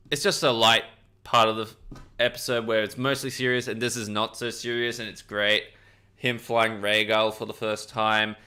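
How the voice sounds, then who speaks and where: A man giving a casual, rambling video review of a TV episode, excitable, swearing freely and often correcting himself. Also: on the low side, clean tone.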